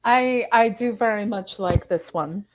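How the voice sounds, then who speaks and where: A woman's voice: medium pitch, a little slow, rough recording. A woman on a live-streamed panel, talking in a playful, joking way. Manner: playful, jokey. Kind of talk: casual live-stream chat.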